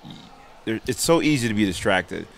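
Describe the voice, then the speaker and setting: A man's voice: lowish voice, expressive, fairly quick, vocal fry, a bit bright, slight background noise. Blunt, profane man from Jamaica. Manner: blunt and heavily profane, reflective. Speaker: guest fighter. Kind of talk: candid radio interview. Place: radio studio.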